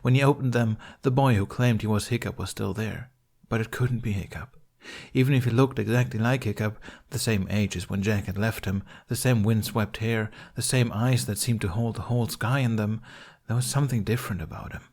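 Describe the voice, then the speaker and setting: A man narrating a fan fiction audiobook in a steady, measured storytelling voice. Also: lowish voice. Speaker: audiobook reader.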